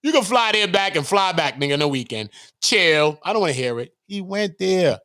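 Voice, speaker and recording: Forceful, heated man ranting on stream. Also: sits high, lively intonation, a little fast. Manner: confrontational, profane, rhetorical questions. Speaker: channel host. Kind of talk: heated livestream rant.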